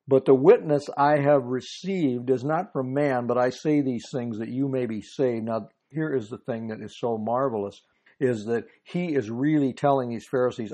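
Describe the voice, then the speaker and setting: A man's voice: medium pitch, dark tone. A man giving a verse-by-verse Bible teaching, earnestly explaining passages and reading scripture aloud.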